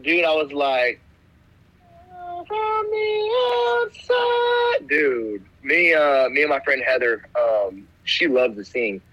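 A man's voice: mid-range voice, unhurried, few pauses, dull audio. A young man telling a rambling story in casual chat, laid-back, calling everyone "dude". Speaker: guest telling stories.

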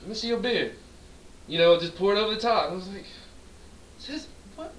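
Man, podcast co-host, lively swooping voice, profane storyteller, echoey room, distant mic, faint hiss. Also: sits high, fairly quick. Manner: animated, profane, acts out quoted dialogue. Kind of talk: drunk storytelling chat.

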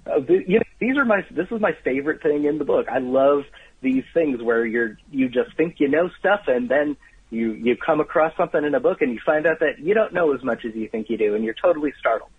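A man's voice: fairly high pitch, a little fast, slightly rough. Enthusiastic man on a tinny phone line. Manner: animated, storytelling, enthusiastic about trivia. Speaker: guest author. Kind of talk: phone-in radio interview. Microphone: telephone.

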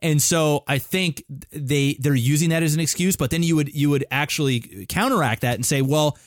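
This gaming podcast co-host has a voice on the high side and chats casually, rambling and halting with frequent fillers, restarts and casual swearing. It is recorded at studio quality, with no echo.

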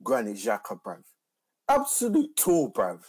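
A man with a London accent argues about football in slang and keeps pressing the same questions. His pitch swings widely. The recording is dry and close. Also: wildly swooping pitch, measured pace, a little mellow, breathy edge, no echo. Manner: slangy, insistent, repeats questions. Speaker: football pundit. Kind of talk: heated football argument.

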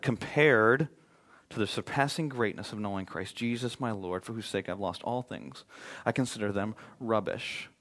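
A male pastor with a mid-range voice preaches a sermon conversationally and with jokes, swinging between loud, emphatic points and quiet, hushed ones.

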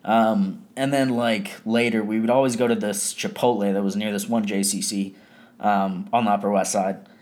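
A young man tells a personal story in a loose, casual monologue. His voice sits a little low, and his talk is profane and rambling, full of fillers. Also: steady tone, moderate pace, darkish tone. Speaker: podcast host.

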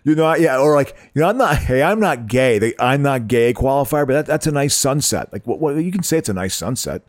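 A man's voice: mid-range voice, lively intonation, brisk, no echo, studio quality. A man co-hosting a podcast in casual chat, often restarting his words and laughing easily. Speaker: podcast co-host.

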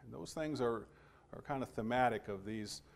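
A man delivers a Sunday sermon at a mid-range pitch. He talks in a measured, halting way, often restarting phrases, and reads scripture passages aloud. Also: vocal fry, slight background noise. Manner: measured, with frequent restarts and pauses. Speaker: preacher.

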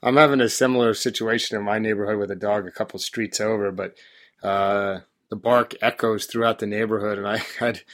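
A man's voice: lowish voice, steady tone, a little fast, fairly bright tone. A man hosting a podcast, ranting in an exasperated, joking way. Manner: ranting, exasperated complaining with laughs. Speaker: podcast host. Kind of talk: casual chat.

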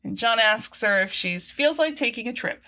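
A woman co-hosting a podcast, recapping a TV episode in animated, quick casual chat. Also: on the high side. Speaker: podcast co-host.

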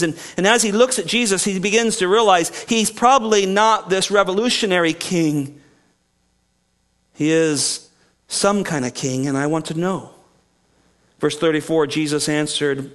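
A male pastor preaching an expository sermon, acting out the people he quotes and often restarting his sentences. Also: high voice. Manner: animated, acts out quoted speakers, frequent restarts.

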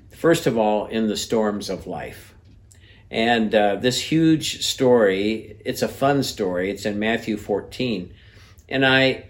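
A lower-pitched older man delivers a sermon. He preaches conversationally, often pausing and restarting, and he reads scripture aloud with energy, raising his voice for the quoted lines. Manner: conversational, halting with fillers and restarts. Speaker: pastor.

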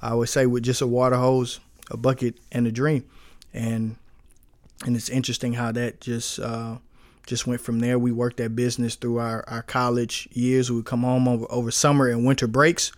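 A man in his thirties from St. Louis leans into his own origin story, filling the gaps with ums and acting out the voices of the people he dealt with. His voice sits at an ordinary pitch and sounds close and dry, with no room around it. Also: moderate pace, dry recording. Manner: relaxed storyteller, with frequent fillers and quoted dialogue. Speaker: guest, business owner. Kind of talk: storytelling in a podcast interview.

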